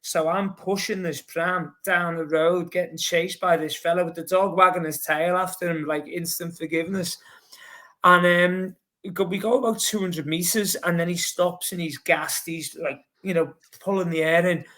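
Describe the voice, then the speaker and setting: A man with a Scouse accent, a podcast guest telling a rambling, lively story full of fillers. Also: high-pitched, moderate pace. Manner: lively, rambling, heavy with fillers like "you know". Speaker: podcast guest, long-distance runner. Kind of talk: casual anecdotal storytelling.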